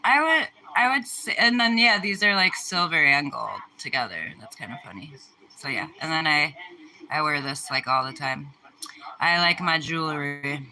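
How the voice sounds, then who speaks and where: A young Midwestern American woman chats casually on a livestream, answering viewer questions in a low-pitched voice. She rambles in a relaxed way, full of fillers and restarts. The audio is poor, with a slight hiss or hum.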